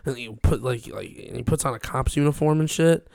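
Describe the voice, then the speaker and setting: A man's voice: medium pitch, a little fast, vocal fry, a little mellow, no echo, studio quality. A young man chatting casually as a podcast host, rambling and swearing with lots of fillers. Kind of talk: casual chat.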